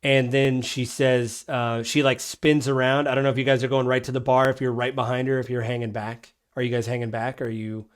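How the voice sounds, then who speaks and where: A man's voice: mid-range voice, flat delivery, brisk, hardly any pauses, clean tone. A man narrating a tabletop game as game master, rambling with many fillers.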